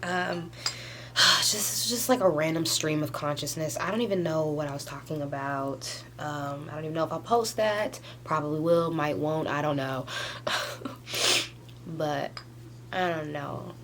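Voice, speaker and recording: A tearful young woman in her twenties talks to her camera at home, her voice sitting on the low side. She rambles in a loose stream of consciousness, padding nearly every phrase with "like." A faint hum lingers under her words. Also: unhurried, a bit bright. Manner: rambling, heavy use of "like", tearful laughs. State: crying. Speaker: vlogger. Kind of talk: emotional confessional vlog. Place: at home doing a face mask.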